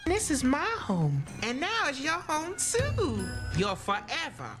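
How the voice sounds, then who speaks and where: An actress voicing an eccentric, doting cat lady in an animated film, cooing in a sing-song way. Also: sits high, takes it slowly, full character voice. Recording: film clip with music behind.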